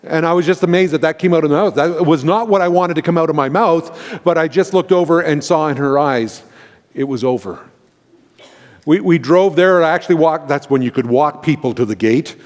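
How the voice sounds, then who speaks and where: A man's voice: on the high side, brisk. A Canadian man, a pastor, telling an earnest, emotional personal story in a sermon, with many restarts. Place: large church sanctuary. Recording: long hall reverb.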